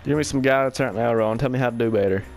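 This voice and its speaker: A man's voice: mid-range voice, fast, slight background noise. A young man bantering and teasing his friends while gaming. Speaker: gamer in party chat. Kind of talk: casual chat while gaming.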